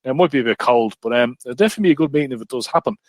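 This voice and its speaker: Man, podcast host, quick and jokey, dry close recording. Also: medium pitch, animated, no room sound. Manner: brisk, jokey, runs the segments. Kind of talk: casual podcast chat.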